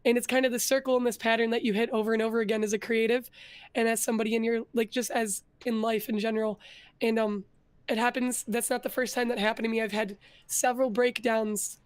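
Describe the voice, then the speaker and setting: With a clear, resonant, high-leaning voice at a quick pace, a young woman tells her story as a guest in a casual interview. She is a vtuber and artist who speaks earnestly, uses many filler words, and grows more energetic.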